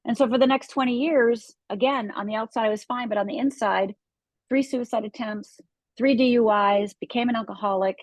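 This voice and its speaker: A woman's voice: fairly high pitch, fairly even intonation, fairly quick, no room sound. A middle-aged woman from Upper Michigan, a guest life coach telling a personal story in a podcast interview, earnest and vivid, with emphatic repetitions. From Upper Michigan, USA.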